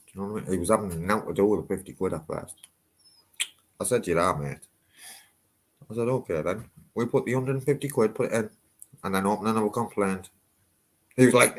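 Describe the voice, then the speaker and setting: A man's voice: fairly low pitch, quick pace, long pauses. Brash, sweary Teesside man. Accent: Teesside English. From Northeast England. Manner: swears a lot, brash and animated. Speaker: livestream host. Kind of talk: casual live-stream chat. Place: house loft.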